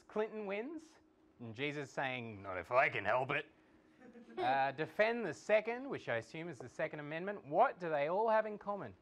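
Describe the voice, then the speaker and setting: A man hosting a live comedy quiz show in a studio, jokey and chuckling as he reads out questions. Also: high voice.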